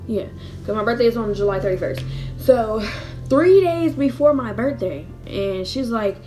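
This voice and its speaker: Animated young woman telling a storytime. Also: a little high, normal speed, faint music behind. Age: 20s. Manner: animated, acts out quotes with laughs. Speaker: vlogger. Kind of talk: casual storytime.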